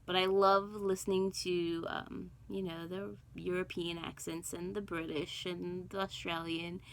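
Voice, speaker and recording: On a rough recording with a little hiss or hum, a middle-aged woman speaks slightly slowly in a fairly low voice with little pitch movement. She's a cross stitch vlogger born in Guyana and raised in Brooklyn, New York, chatting to camera in a rambling way with many ums, asides, and self-talk.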